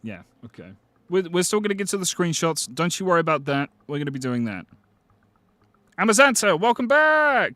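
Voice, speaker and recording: Lively, excitable British man streaming. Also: a little high, brisk, dry recording. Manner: excitable, chatty, swears casually, reads out chat messages. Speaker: livestream host. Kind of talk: casual live-stream chat with viewers.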